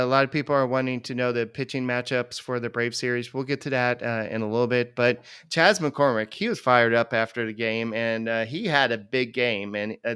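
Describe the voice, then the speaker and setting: A man co-hosting a baseball podcast, talking casually and rambling with many pauses. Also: mid-range voice, a bit bright, smooth, no room sound, clean studio sound. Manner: rambling, many fillers and restarts. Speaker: podcast co-host. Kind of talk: casual sports chat.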